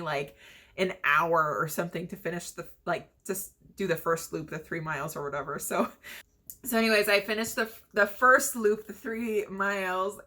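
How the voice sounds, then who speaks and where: A woman's voice: lowish voice, pushed and bright. A young woman casually telling a personal story, chatty and laughing often between fillers. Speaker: vlogger telling her story.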